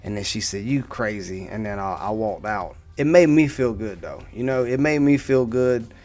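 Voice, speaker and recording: A man in his thirties tells a personal story straight to camera in a lowish voice. He rambles, restarts his sentences and keeps checking in with "right?", and faint music plays quietly underneath. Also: lively intonation, moderate pace. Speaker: vlogger.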